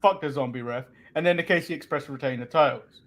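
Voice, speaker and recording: A man's voice: fairly high pitch, fast, a bit bright. A man co-hosting a casual wrestling podcast, recapping events with frequent ums and the odd swear word. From England. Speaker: co-host.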